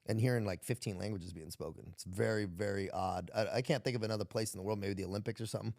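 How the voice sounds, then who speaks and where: A man's voice: fairly low pitch, fast talker, gravelly, a little mellow. An American man, a military veteran guest, telling stories in a laid-back, profane way and laughing often. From United States. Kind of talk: casual podcast storytelling.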